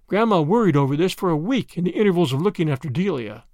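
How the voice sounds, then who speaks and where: A man narrating a classic short story as a podcast host, in an expressive storytelling way. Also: fairly high pitch, fast talker, no room sound, studio quality.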